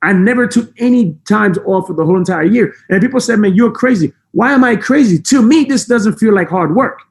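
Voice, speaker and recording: A man with a non-native English accent giving a fast, intense motivational talk to a team of agents. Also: high voice, expressive. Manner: intense, emphatic, fast-talking. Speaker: motivational speaker. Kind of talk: high-energy motivational talk. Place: room with a camera.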